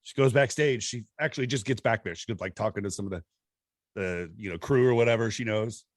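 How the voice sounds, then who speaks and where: A middle-aged man hosting a podcast, telling stories in a casual, animated way and laughing often. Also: fast talker, no echo, clean studio sound. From Southern California. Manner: animated, laughs often, acts out quotes in high voices. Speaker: podcast host. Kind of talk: casual storytelling chat.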